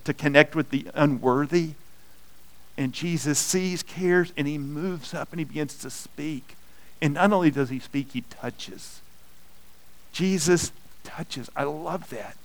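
A man preaching a sermon in a slightly raised voice. He takes his time, pausing between short phrases. His delivery rises to loud, urgent peaks and falls back to hushed tones. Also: fairly high pitch, poor audio. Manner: slow, dynamic preaching that swells loud and drops soft. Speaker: pastor.

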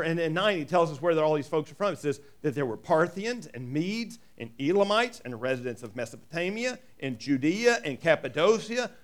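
A man's voice: high-pitched, a bit bright. A man preaching a sermon in a folksy way, reading scripture and adding joking asides. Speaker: pastor.

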